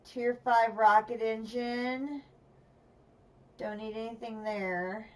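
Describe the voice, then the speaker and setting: A woman's voice: a little high, steady tone, slow, darkish tone, far from the mic. A woman streamer commenting on a game as she plays, thinking aloud and chatting to herself. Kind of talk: gameplay livestream commentary.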